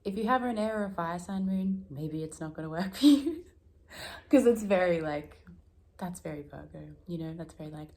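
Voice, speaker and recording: A woman's voice: low-pitched, lively intonation, fairly quick, a little mellow. A woman vlogging at home in a rambling, self-deprecating casual chat, often laughing. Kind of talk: casual reflective vlog chat. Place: room at home.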